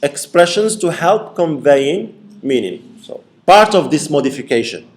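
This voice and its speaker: A man's voice: a little high, lively intonation, a little slow. A man giving a classroom lecture, repeating his points and checking in with the class by asking "okay?". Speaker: university lecturer.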